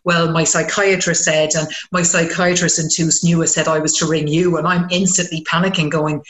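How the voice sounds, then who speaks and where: A woman's voice: deep voice, normal speed, reverberant. A woman, a community counsellor talking frankly in casual chat and swearing when she gets worked up. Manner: frank and animated, swears freely.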